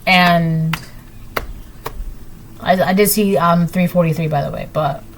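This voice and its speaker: A woman's voice: on the low side, steady tone, slow, slight background noise. A woman giving a collective tarot reading, talking straight to viewers in an emphatic, repetitive way. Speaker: tarot reader.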